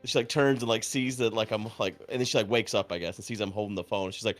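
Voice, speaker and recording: A low-voiced man chats on his stream and tells a long story in a dry, deadpan way with plenty of swearing. He acts out the voices of the people in it. Soft music plays faintly behind him. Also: fast. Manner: profane, deadpan. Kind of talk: casual chat.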